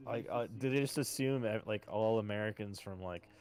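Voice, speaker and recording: A man's voice: lowish voice, a little fast, darkish tone. A young man co-hosting a podcast, telling stories in a rambling casual way with lots of fillers and swearing. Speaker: podcast co-host. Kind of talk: casual chat.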